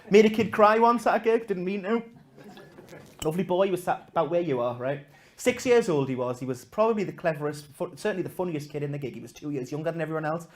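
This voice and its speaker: Self-mocking stand-up comedian. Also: male voice, sits high, animated, brisk. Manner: self-mocking, swings from loud punchlines to hushed asides. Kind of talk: stand-up storytelling to a live audience. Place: comedy gig before a live audience.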